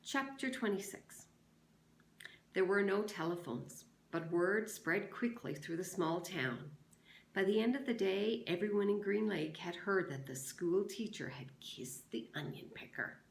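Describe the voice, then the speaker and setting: A woman teacher reads a novel aloud for her sixth-grade class, stopping to explain the story in a slow, instructive way. Her voice has a gravelly texture and she takes her time. The recording sounds roomy and echoey. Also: lowish voice, animated, slight background noise. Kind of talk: read-aloud lesson narration. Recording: echoey room.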